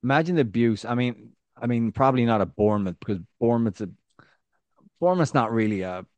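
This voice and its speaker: A man's voice: mid-range voice, expressive, quick pace, a little mellow, dry recording, lo-fi sound. A man co-hosting a football podcast, talking in a rambling, casual way full of fillers. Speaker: podcast co-host.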